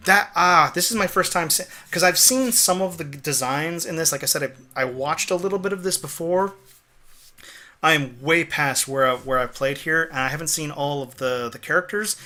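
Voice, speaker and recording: A young man streaming a game, chatting excitably and cursing, rambling between game lines. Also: fairly high pitch, brisk. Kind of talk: let's play commentary.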